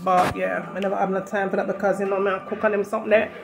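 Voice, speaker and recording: A woman's voice: medium pitch, level tone, quick pace, vocal fry, over music. A tired woman hosting a casual cooking vlog in her home kitchen, chatting to viewers as y'all while filming on her phone. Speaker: cooking channel host.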